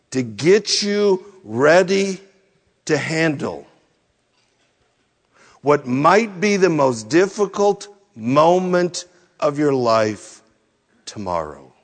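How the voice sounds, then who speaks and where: A man delivers a sermon as pastor, in a fairly high voice. He speaks slowly and deliberately, piling up rhetorical questions and letting his phrases drop low at the ends. His voice carries a long reverb, as in a large church sanctuary.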